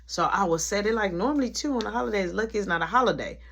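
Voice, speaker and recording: A young man telling a personal story in a casual storytime, animated and acting out each voice he quotes. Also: sits high, fast talker, gravelly. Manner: animated, acts out every quoted voice.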